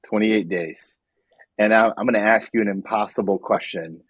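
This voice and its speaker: A male podcast host with a low, husky voice asks questions in a measured, curious way. The sound is dry and close, with almost no room tone. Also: fairly even intonation, no room sound. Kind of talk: interview questions.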